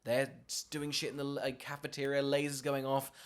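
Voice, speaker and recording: A man's voice: mid-range voice, completely flat delivery, moderate pace, clean tone. A man with a mid-range voice co-hosts a casual movie podcast. He talks bluntly and sarcastically. He pokes fun at the film as he goes. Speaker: podcast co-host. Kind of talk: casual chat.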